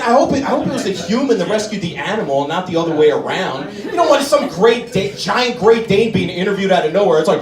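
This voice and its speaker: A man doing live stand-up comedy in a comedy club, talking directly to the crowd in an animated way. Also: sits high, fast talker, few pauses. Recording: roomy club, distant mic, crowd laughter.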